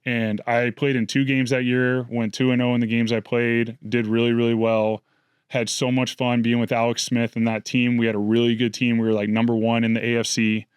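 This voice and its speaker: A man's voice: medium pitch, little pitch movement, fairly quick, smooth, no echo, clean studio sound. Earnest man telling his story. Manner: earnest, reflective, emotional retelling. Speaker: interview guest. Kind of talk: candid storytelling.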